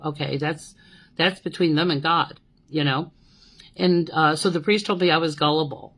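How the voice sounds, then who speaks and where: A middle-aged woman hosting a podcast, telling a personal story in a casual, animated way, often checking in with "okay?" and "you know". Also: low voice, moderate pace, poor audio. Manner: animated, repeats "okay?" and "you know", acts out quoted voices. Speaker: podcast host.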